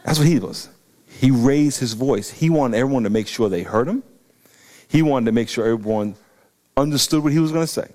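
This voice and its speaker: Excitable preacher man. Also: mid-range voice, brisk. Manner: animated, excitable preaching with bursts of loud emphasis. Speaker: pastor. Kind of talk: sermon.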